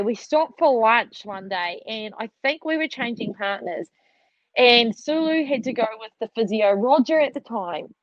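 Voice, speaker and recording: A woman, slightly high-pitched, spins a lively yarn to an old teammate over a video call. The audio is dry and a bit dull. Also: no echo. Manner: animated storytelling, laughing often, lots of "like". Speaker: netball player catching up with a teammate. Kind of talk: casual video call chat.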